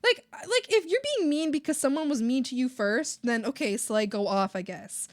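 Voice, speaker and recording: A young woman streamer venting to her chat in a casual, profane, animated rant, mocking other people's voices as she goes. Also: high-pitched, moderate pace, few pauses, no room sound, studio quality. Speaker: art streamer. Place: home streaming setup.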